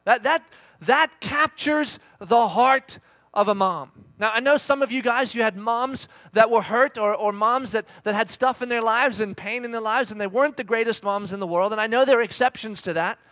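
A man in his thirties giving a conversational sermon as a pastor, an animated storyteller who acts out the voices of his family. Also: very high-pitched, moderate pace, dry recording.

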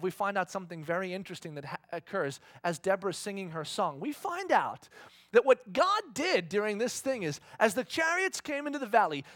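A male pastor preaching with a high, widely swooping voice. He tells the story energetically and keeps asking the congregation questions. The sound is dry and close, with no echo. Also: fairly bright tone. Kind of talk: sermon.

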